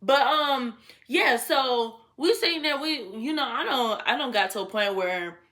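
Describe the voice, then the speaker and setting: Woman spilling a storytime, blunt and swears a lot, kinda high bright voice, laughs a bunch. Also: unhurried. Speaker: storytime vlogger. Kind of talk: casual storytelling.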